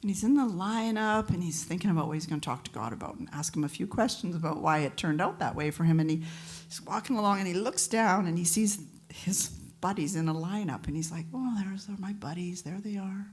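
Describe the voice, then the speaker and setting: A woman's voice: lowish voice, a little fast. A woman, a singer, telling a story between songs at a live event and acting out the voices of the people in it. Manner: lively anecdotal, acts out quoted voices.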